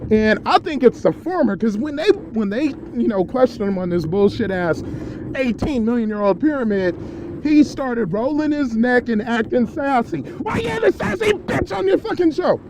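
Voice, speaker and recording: A man rants at full volume from his car, his voice strained very high and swinging wildly in pitch. He swears constantly and hammers the same points again and again. Road noise from the moving car rumbles under every word. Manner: profane, yelling, repeats himself. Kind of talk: angry solo rant. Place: car on the highway. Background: vehicle noise.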